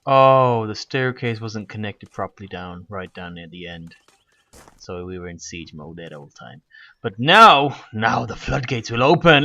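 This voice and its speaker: A man giving excitable, mock-grand, self-mocking commentary over his own gameplay as a video host. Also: lowish voice, normal speed, dull audio. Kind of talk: let's play commentary.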